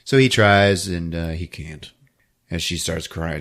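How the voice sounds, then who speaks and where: A man hosting a podcast, recapping a movie in a casual comedic way and acting out the characters in quick voices. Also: sits low. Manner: animated, acts out characters in quick funny voices, laughs often.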